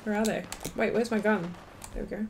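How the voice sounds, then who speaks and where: A young woman giving casual let's-play commentary as a gaming streamer, excitable and quick to exclaim and laugh. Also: mid-range voice, creaky, slight background noise.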